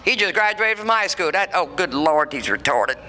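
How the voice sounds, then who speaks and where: A woman's voice: fairly low pitch, sing-song, normal speed, sharp tone. A woman, telling bawdy stories in a stand-up comedy set on a club stage. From Louisiana. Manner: brassy, bawdy storytelling. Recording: live club recording with reverb and room noise.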